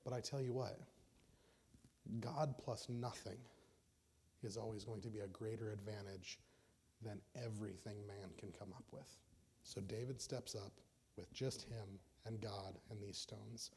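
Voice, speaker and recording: A man's voice: on the low side, fairly even intonation, measured pace, pauses often, darkish tone, a little hiss or hum. A man preaching a casual, storytelling sermon, often restarting his sentences.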